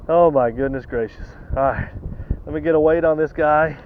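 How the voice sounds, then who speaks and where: A man fishing from a kayak outdoors, talking to the camera with excited, repeated exclamations and out of breath. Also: fairly high pitch, moderate pace, a little hiss or hum. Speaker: kayak angler. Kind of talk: excited on-the-water fishing commentary. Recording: dull lo-fi camera audio.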